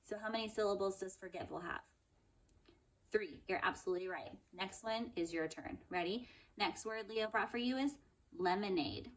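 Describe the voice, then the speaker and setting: A woman first-grade teacher giving an upbeat, encouraging phonics lesson, stretching out words slowly to clap their syllables. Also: mid-range voice, far from the mic. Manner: slow, drawn-out word modelling, clapping out syllables. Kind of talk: recorded phonics lesson for young pupils. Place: indoors at home. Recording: voice a bit off-mic.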